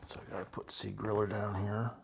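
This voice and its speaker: A man's voice: fairly low pitch, completely flat delivery, slight background noise. An older man hosting a live coin auction stream, chatting casually and rambling with chuckles between bid calls. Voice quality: gravelly and husky. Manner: rambling, chuckling, calls bids in a louder slow drawl.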